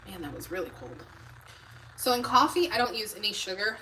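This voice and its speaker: A woman's voice: medium pitch, sing-song, brisk, far from the mic, rough recording. A woman hosting a live cooking stream from her home kitchen, rambling casually to viewers and reading their comments aloud. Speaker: homemaking channel host. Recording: loud background noise in a home kitchen.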